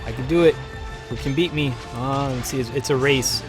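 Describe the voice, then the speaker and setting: A man hosting a live stream, chatting casually and excitably as he plays, with bursts of cheering and laughter. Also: medium pitch, moderate pace. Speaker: live-stream host playing a game. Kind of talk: casual gameplay commentary. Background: game music.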